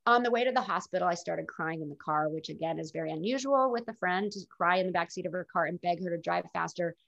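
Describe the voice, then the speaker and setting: Middle-aged woman telling her story in an interview, candid, reflective, bit of vocal fry, muffled lo-fi sound. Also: fairly low pitch, fast, a bit bright. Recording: dull lo-fi recording.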